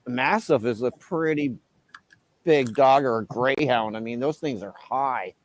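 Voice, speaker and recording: A man chatting casually on a livestream and telling stories lively, acting out what people said. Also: medium pitch, unhurried. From Canada. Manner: animated storyteller, acts out shouted quotes. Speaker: livestream host. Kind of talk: casual chat.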